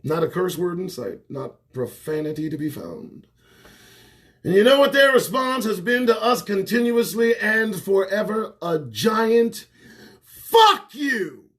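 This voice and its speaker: Male host, high lively voice, profane livestream rant, loud bursts and mutters. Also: moderate pace. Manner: animated, swearing, swings between loud outbursts and muttered asides. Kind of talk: profane political rant to camera. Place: small indoor home set. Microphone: phone or webcam livestream.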